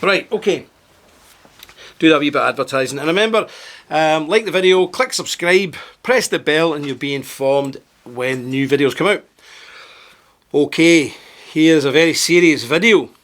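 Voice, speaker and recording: Speaking at a moderate pace in a slightly bright voice, a male political video host gives an emphatic, indignant address to camera on his channel. Part of it is read aloud from a script, and his pitch rises suddenly at times.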